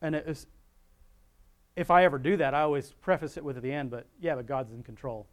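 A man's voice: medium pitch, steady tone, fairly quick. A man preaching an informal sermon in a rambling, conversational way, often chuckling as he talks.

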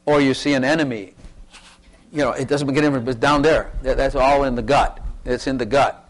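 A man's voice: medium pitch, steady tone, brisk. A man pastor preaching a sermon and calling for testimonies, talking in an emphatic way that repeats its points.

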